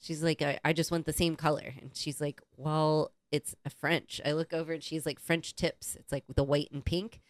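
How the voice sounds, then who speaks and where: A woman co-hosting a casual podcast, telling lively stories, acting out other people's lines and laughing often. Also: sits low, normal speed, few pauses, no echo. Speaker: podcast co-host. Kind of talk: casual chat.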